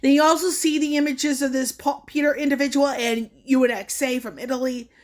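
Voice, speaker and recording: High-voiced woman vlogger giving a warning. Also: steady tone, fairly quick. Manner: earnest, warning, with fillers and restarts. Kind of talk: casual screen-share walkthrough.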